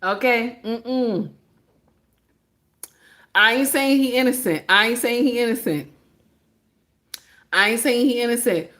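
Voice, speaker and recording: Lady vlogger chatting slow, kinda high voice, says stuff over and over, laughs a lot. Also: fairly bright tone. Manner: repetitive, chatty, breaks into laughter. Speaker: commentary vlogger. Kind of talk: casual reaction commentary.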